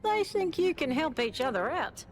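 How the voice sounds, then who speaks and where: An actress voicing a sly, conspiratorial female robot citizen with an Australian accent, confiding and lively, in a video game. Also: sits high, moderate pace, a little hiss or hum. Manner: lively, confiding, drops to a whisper.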